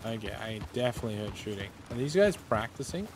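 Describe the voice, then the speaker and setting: A man's voice: fairly low pitch, very animated, fast, background noise. A man streaming a video game, chatting casually, reacting and thanking followers. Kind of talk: casual chat while gaming. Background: game music and horse hooves.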